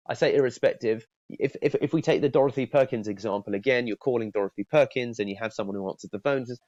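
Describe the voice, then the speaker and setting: A man giving a casual sales training talk, stumbling over repeated words and acting out breezy phone lines. His voice sits at a middle pitch. It is recorded dry and a little dull, like a lo-fi room mic. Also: darkish tone, no echo. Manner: repeats words, acts out friendly phone openers in a lifted voice.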